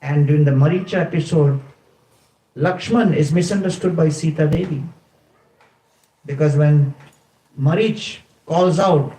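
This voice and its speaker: Mellow-voiced man telling a devotional story. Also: fairly high pitch. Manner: explanatory, deliberate, acts out quotes. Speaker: spiritual speaker. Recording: roomy, distant from mic.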